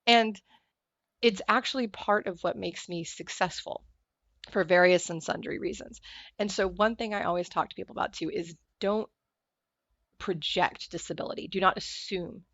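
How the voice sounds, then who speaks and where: A woman guest in a conversational interview who tells stories in an animated way and acts out the voices she quotes. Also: fairly low pitch, moderate pace, no echo. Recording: dull lo-fi sound, dry.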